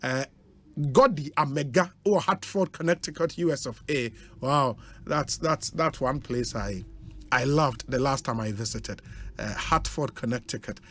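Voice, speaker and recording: A man's voice: mid-range voice, a little slow. Ghanaian man reading out listener greetings. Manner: chatty, warm interjections and laughs between names. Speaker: radio host.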